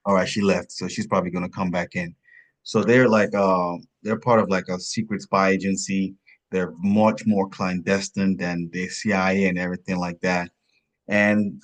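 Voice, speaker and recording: A man co-hosting a casual film review podcast over a video call, rambling and tacking on "and stuff like that.". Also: deep voice. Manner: rambling, often adds "and stuff like that". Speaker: podcast co-host.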